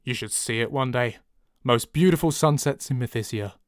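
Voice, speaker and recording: A man voicing a gallant male centaur with a low, warm voice and a light Northern English accent, swallowing some consonants. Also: normal speed, clear, resonant tone, no echo, clean studio sound, close to an everyday voice. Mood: gallant, friendly. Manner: dropped consonants, low and easygoing.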